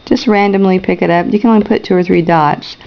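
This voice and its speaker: A woman's voice: mid-range voice, steady tone, quick pace, vocal fry, highs cut off. A woman teaching a painting class, talking viewers through each brush stroke and checking in with them. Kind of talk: step-by-step painting demonstration.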